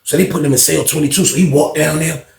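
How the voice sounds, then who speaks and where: Animated man telling a story, gravelly. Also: fairly high pitch, fast talker, echoey room. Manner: animated retelling, acting out others' lines. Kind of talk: casual storytelling.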